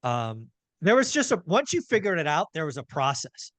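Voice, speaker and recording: A man hosting a casual podcast interview, telling stories with lively, acted-out reactions. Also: fairly high pitch, moderate pace, no echo. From California. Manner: animated storyteller, acts out his own reactions. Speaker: podcast host.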